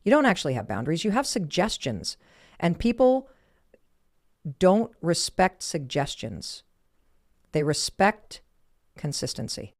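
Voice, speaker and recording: A woman's voice: on the low side, very animated, measured pace, long pauses, dry recording, studio quality. Emphatic woman giving a motivational speech. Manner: emphatic, punchy short declarations. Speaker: motivational speaker.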